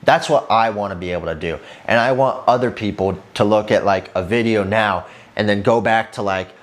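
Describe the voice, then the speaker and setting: A man's voice: fairly low pitch, fairly quick. A young man vlogging casually, talking with intense drive, swearing often and rambling with lots of fillers. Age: young adult. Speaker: fitness vlogger. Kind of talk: casual motivational talk to camera.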